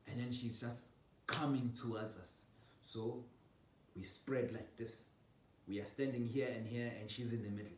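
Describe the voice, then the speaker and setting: A man casually telling a personal family story, animated and laughing, acting out the scenes with sound effects. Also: moderate pace. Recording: roomy echo, distant mic, low rumble.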